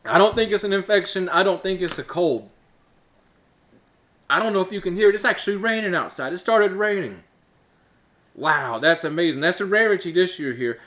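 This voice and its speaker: Chatty congested man, high voice. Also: animated, normal speed, long pauses, a bit bright. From Alabama, US. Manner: rambling, chatty, with filler uhs and laughs. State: stuffed-up nose, congested. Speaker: show host. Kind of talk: casual solo talk to camera.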